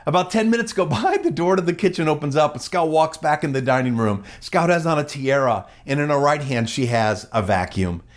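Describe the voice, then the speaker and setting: A man giving a storytelling speech at a gala, animated and acting out the quoted dialogue of others. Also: a little high, fairly quick, hardly any pauses. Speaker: gala speaker.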